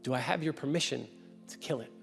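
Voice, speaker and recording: A man voicing a calm, relentless angelic being who speaks quietly and insistently, in a sermon retelling. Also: medium pitch, quick pace, vocal fry, faint music behind, lightly acted.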